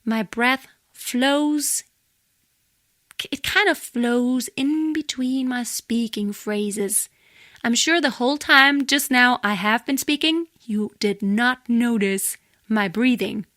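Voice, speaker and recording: A woman with a fairly high voice gives a singing lesson, explaining plainly between short demonstrations. The sound is close and dry, with no room around her. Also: takes it slowly, a bit bright, dry recording. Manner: explains plainly, breaks into sung and breathy demonstrations. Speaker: singing teacher. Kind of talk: vocal lesson with sung demonstrations.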